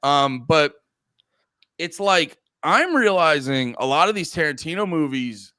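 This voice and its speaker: Young male podcast co-host, expressive and bouncy pitch, dry close sound. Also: a little slow, no room sound. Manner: animated, excitable, swears casually. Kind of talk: casual film chat.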